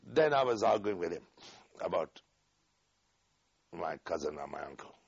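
An older man recalling events in an oral history interview, acting out the dialogue with animated energy. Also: low voice, normal speed, husky, no echo, muffled recording. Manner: animated storyteller, acts out dialogue, laughs often.

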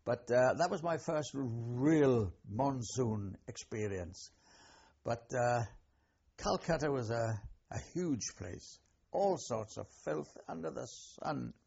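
Gravelly older Welsh man reminiscing. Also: mid-range voice, lively intonation, a little mellow, dull audio. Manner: rambling, halting storyteller with restarts and chuckles. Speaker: interviewee, war veteran. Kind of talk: oral history reminiscence.

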